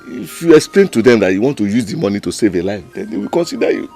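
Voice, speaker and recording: A cold, greedy Nigerian village elder. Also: male voice, fairly low pitch, big pitch swings, fast talker, creaky, mellow, soft background music, exaggerated voice. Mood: dismissive. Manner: dismissive, mocking. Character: cold greedy village cabinet member, man. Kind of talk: Nollywood film acting.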